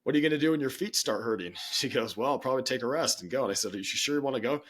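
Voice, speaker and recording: A middle-aged man, a podcast guest, telling stories in an animated way and acting out the voices he quotes. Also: medium pitch, rapid-fire. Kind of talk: storytelling in interview.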